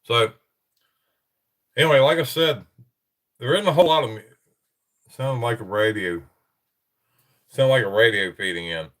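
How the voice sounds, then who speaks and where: A man's voice: mid-range voice, moderate pace, pauses often, fairly bright tone, distant mic. A man hosting a paranormal chat show, talking casually and rambling with many restarts. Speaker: podcast host.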